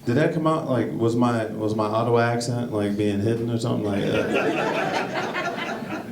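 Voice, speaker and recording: A man's voice: medium pitch, animated, measured pace. A man performing a stand-up comedy set on a club stage, chatting with the crowd between jokes. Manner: conversational, jokey asides to the crowd. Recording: echoey club, mic heard from a distance, noisy. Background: audience laughter.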